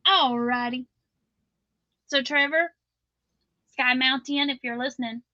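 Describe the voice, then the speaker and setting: A woman's voice: high-pitched, fairly even intonation, slow, pushed and bright, no echo, dull audio. A middle-aged woman with a Southern drawl, chatting casually as host of a live crochet stream, laughing often and reading viewer comments aloud.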